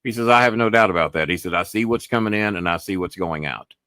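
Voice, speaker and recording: A man's voice: low-pitched, quick pace, bright, forceful tone, no room sound, clean studio sound. A man hosting his own podcast, retelling a phone call in a rambling way with lots of "I said" asides and frequent swearing. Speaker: podcast host. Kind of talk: casual storytelling monologue.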